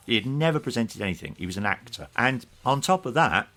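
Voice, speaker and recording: A man chatting as a podcast guest, his voice sitting at an ordinary middle pitch. He tells his anecdotes loosely, breaking off to restart sentences and slipping small chuckles in mid-thought. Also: big pitch swings, fast talker, sharp tone. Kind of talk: casual interview chat.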